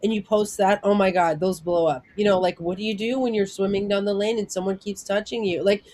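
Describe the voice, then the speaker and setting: A woman's voice: medium pitch, steady tone, fairly quick, mellow. A woman producer leading a casual planning meeting over a video call, talking in a chatty way with many fillers. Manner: chatty, full of "like" fillers, acts out quotes.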